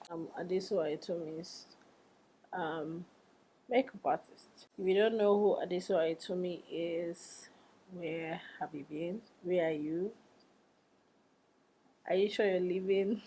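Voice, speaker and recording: A young woman, a makeup artist telling a story in a casual vlog, animated and quick to exclaim. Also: on the low side. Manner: animated, exclaiming and laughing, acting out quoted dialogue.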